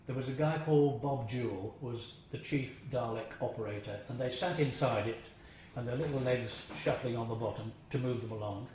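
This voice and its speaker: A man's voice: medium pitch, brisk, few pauses, darkish tone. Older guy reminiscing, chuckly storyteller, big echoey room, faint hiss. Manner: chuckling storyteller, mimics voices in his anecdotes. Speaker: actor being interviewed. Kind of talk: anecdotal reminiscing.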